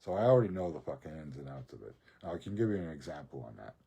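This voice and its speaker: A man with a very husky, raspy voice, pitched low and dark in tone. He rambles through a profane story, breaking into laughs as he goes. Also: sing-song, very fast. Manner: rambling, profane, laughs often mid-sentence. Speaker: social media video creator.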